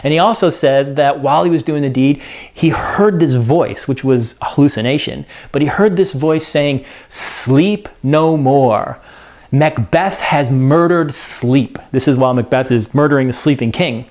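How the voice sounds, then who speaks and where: A man's voice: mid-range voice, a little fast, darkish tone. A man giving a casual, chatty lesson, retelling scenes in everyday slang. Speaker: teacher.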